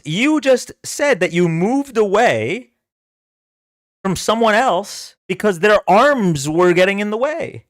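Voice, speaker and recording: A man's voice: high-pitched, takes it slowly, dry recording, clean studio sound. A man giving casual, rambling reaction commentary on a live stream and talking to his chat. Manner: animated, rambling, talks to chat.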